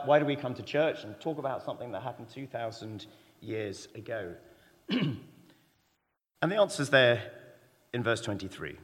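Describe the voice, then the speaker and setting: A man preaching a sermon in a church, talking conversationally and asking the congregation rhetorical questions. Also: mid-range voice. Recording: long reverb of a church hall.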